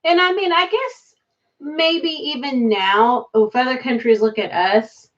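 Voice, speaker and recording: A woman co-hosting a casual movie podcast, chatty and animated with quick asides. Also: sits high. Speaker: podcast co-host. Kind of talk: casual chat reviewing movies. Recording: distant, dull-sounding mic.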